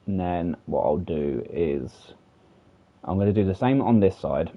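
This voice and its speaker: Playing a building game on stream, this man from the UK offers rambling, self-mocking commentary packed with fillers. He speaks into a desk mic in a low, mellow voice, with a little hiss or hum audible.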